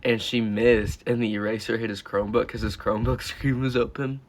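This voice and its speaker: A teenage boy's medium-pitched voice stays steady and brisk as he narrates a storytime vlog for YouTube. The telling is rambling and profane, heavy on "like" and "uh."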